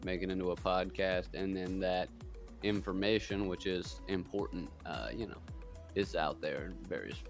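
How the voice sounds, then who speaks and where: A man's voice: low-pitched, fairly even intonation, normal speed, faint music behind. A man co-hosting a live stream, joking around in laid-back casual chat. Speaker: stream co-host.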